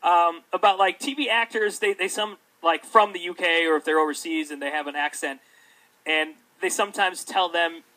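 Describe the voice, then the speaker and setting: A man's voice: on the high side, fairly even intonation, normal speed, pushed and bright, low-quality recording. A man hosting a radio interview, chatty and upbeat, laughing often. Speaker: radio host. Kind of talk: casual interview chat. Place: radio studio.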